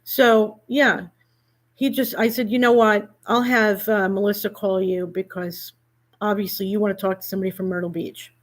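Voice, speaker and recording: A woman hosting a casual talk show, telling an animated, indignant story and quoting back and forth what was said. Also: mid-range voice, moderate pace. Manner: animated storytelling, indignant, quotes others in conversation.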